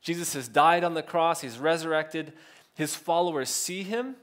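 A man's voice: on the high side, normal speed, a bit bright. Conversational man preaching a sermon. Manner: conversational, self-correcting, acts out biblical quotes. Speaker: pastor.

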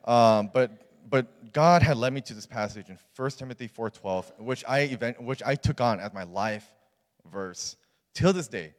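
A man's voice: medium pitch, measured pace. A young man, a youth pastor, telling a personal story in a sermon in a casual, earnest way with many fillers. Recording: long reverb of a large hall.

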